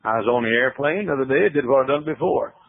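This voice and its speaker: A man preaching a sermon in a folksy storytelling way, often dropping to low, hushed tones. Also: expressive, fast, vocal fry. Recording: tinny phone-like radio broadcast.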